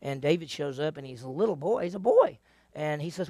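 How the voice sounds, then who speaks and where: A man with a drawl teaches a Bible class, retelling the old stories with lively energy and tossing questions to his listeners. His voice sits a touch high and carries a gravelly edge. The recording is dry and close. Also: fast talker, no room sound. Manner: animated storyteller, asks the class questions, acts out voices.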